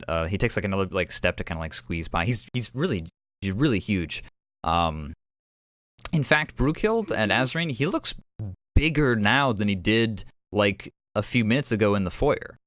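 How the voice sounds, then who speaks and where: Deep-voiced man narrating as game master. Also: a bit bright, clear, resonant tone, no echo, studio quality. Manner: rambling, hesitant narration full of "kinda, like".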